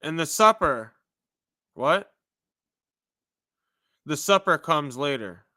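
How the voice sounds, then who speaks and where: A man preaching casually on a livestream, asking God questions aloud and chatting with viewers, with swings from loud declarations to hushed apologies. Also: a little high, expressive, slow pace, no room sound, studio quality. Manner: casual, chatty with viewers, uses "dude" and "you know". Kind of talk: casual livestream testimony and prophecy.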